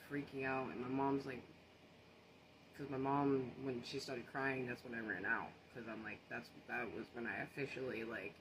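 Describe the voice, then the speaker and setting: A man tells a story in a casual, rambling way, with lots of fillers and restarts. His voice sits at a middle pitch. Faint ambient noise hums behind him.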